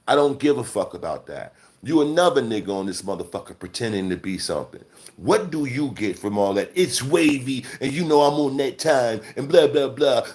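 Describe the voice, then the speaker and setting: Profane scolding man in his forties. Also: on the low side. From Chicago. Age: 40s. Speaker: livestream host. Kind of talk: livestream rant.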